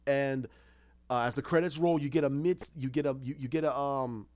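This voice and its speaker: A man casually retelling a story idea of his own, halting, with many restarts and acted-out lines. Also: medium pitch, fairly even intonation, darkish tone, dull audio.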